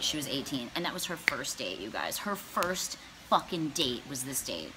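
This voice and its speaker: A woman's voice: deep voice, animated, normal speed, background noise. A young woman telling a comedic storytime vlog, brash and profane, laughing as she goes. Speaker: comedy vlogger.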